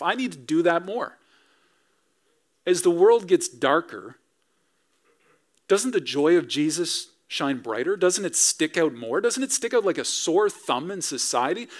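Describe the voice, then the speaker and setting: A man's voice: a little high, a bit bright. A man in his thirties preaching a sermon as pastor, conversational and often putting rhetorical questions to the congregation. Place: church sanctuary.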